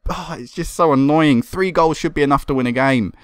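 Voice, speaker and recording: A young man commentating on a football management game, excitable and swearing when it goes wrong. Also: a little high, a little fast, smooth, no room sound, studio quality. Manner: excitable, swearing and laughing at goals. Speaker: gaming commentator.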